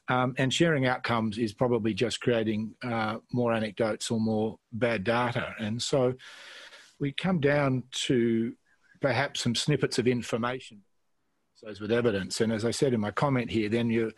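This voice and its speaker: A man's voice: mid-range voice, steady tone, normal speed, no room sound. A man with an Australian accent who asks a panel a long, hesitant question full of fillers and restarts. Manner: hesitant, filler-heavy, self-deprecating.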